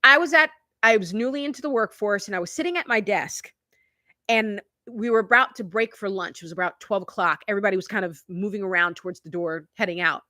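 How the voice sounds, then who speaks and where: A woman's voice: medium pitch, fast, sharp tone, no echo, clean studio sound. A woman in her fifties hosting a casual live-stream chat, telling stories in a confiding, chatty way and laughing often. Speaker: YouTube channel host.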